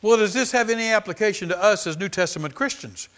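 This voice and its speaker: A man's voice: sits high, fast, a bit bright. A man preaching a sermon as pastor, emphatic and repetitive, calling out to the congregation for amens.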